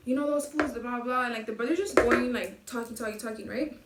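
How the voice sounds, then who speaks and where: A woman's voice: a little high, fast, heavy background noise. A young woman vlogger telling a casual storytime, slangy and profane, acting out the dialogue as she goes. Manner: slangy, profane, animated retelling with quoted dialogue. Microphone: low-quality camera mic. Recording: echoey room, mic at a distance.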